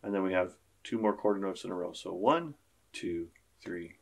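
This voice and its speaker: A man's voice: low-pitched, animated, normal speed, vocal fry. A man teaching a beginner percussion lesson, counting beats aloud and joking with his students. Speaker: school band teacher.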